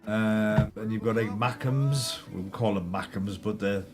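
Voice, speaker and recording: Geordie guy on a live vape stream, lowish voice, jokes and laughs a lot, music going behind him. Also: fairly even intonation, a little slow. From northeast England. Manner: chatty, jokey, laughs often. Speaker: vape channel host. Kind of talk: casual live stream chat. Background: background music.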